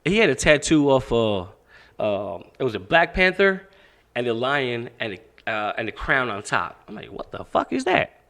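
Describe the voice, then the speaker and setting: A man's voice: medium pitch, moderate pace, gravelly. A man in his thirties from Pakistan, a boxing coach talking as a podcast guest, telling a story casually with frequent swearing and acted-out quotes. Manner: animated storyteller, swears freely, acts out quotes.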